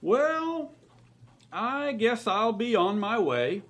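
An actor playing a kindly, earnest small-town reverend who speaks calmly. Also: male voice, sits high, full character voice. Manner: calm, earnest, slow. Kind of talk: drama scene.

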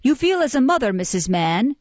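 A woman reading a storybook voices a pompous, self-important parish beadle who speaks slowly and orates. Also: a little high, very animated, darkish tone, no echo, voice pushed up. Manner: pompous, slow, oratorical. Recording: dull, muffled, dry recording.

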